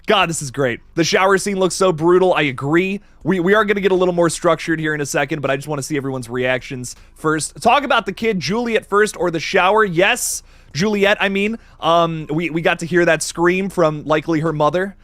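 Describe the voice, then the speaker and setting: A man hosting a live horror-movie stream, excitable, laughing often and reading viewer comments aloud. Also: on the high side, a little fast, no room sound. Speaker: livestream host.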